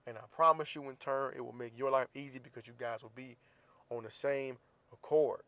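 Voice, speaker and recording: A man's voice: mid-range voice, fairly even intonation, a little fast, bright, forceful tone, no echo. A man in his thirties hosting a casual podcast, telling a teasing story and acting out the dialogue, then giving earnest advice. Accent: US Southern. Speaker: podcast host.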